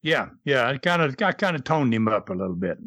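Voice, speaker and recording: A man's voice: mid-range voice, very animated, a little fast, a bit bright, no room sound. An older man, a former wrestling promoter, chatting easily as a podcast guest. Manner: easygoing, hesitant with uh fillers. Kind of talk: casual podcast chat.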